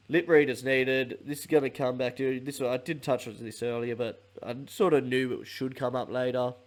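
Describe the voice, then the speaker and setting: Casual swearing podcast host. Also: male voice, medium pitch. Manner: swears freely, laughs often, rambling. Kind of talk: casual solo sports podcast.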